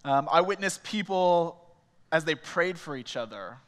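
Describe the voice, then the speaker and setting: A male small groups pastor telling a personal story in a sermon, animated and casual, acting out the dialogue. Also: a little high, unhurried, clean tone, big-room sound. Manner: animated, acts out quoted dialogue, frequent "like" fillers. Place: church auditorium.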